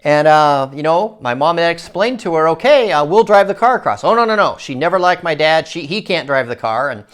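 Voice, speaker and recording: A man telling a personal story in a casual, rambling monologue, often breaking off and restarting his sentences and growing animated at the exciting parts. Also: on the high side, fairly quick, few pauses. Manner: rambling, self-interrupting, animated when excited.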